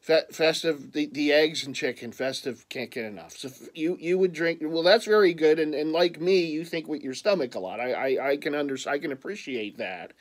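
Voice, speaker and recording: A man's voice: fairly high pitch, normal speed, hardly any pauses. Stammering Philly-accented man vlogging. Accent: Philadelphia. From Philadelphia area. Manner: rambling, stammering restarts, playful teasing. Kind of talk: casual vlog chat showing purchases.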